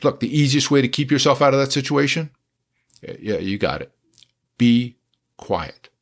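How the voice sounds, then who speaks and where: A man's voice: mid-range voice, expressive, moderate pace. Folksy male lawyer with a punchy delivery. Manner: folksy, jokey, with emphatic repetition. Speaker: lawyer advising truck drivers. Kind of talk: folksy motivational talk.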